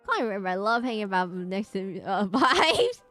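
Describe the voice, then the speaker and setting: A woman's voice: mid-range voice, very animated, moderate pace, a bit bright, soft background music. A woman streaming a horror game, chatting casually, laughing often and reading the game's lines aloud to chat. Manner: giggly, chatty, reads game dialogue aloud. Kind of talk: casual let's play commentary.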